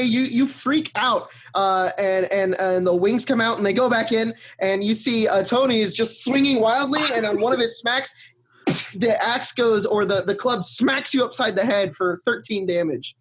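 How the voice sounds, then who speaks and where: A man's voice: very high voice, a little slow. A man narrating as game master of a tabletop game, loose and laughing, swearing freely.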